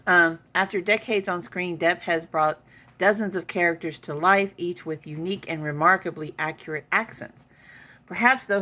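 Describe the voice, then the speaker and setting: A woman's voice: sits low, bright, forceful tone. A woman vlogging from home in a chatty way, reading an article aloud and adding her own comments. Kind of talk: casual chat.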